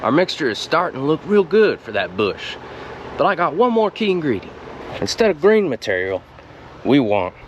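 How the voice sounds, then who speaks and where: A folksy man talks his way through planting in a yard, drawling and deadpan as he slips in innuendo. His voice sits at an ordinary middle pitch for a man. Steady outdoor noise runs under him, with the odd vehicle going by. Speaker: gardening show host. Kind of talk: comedic gardening tutorial.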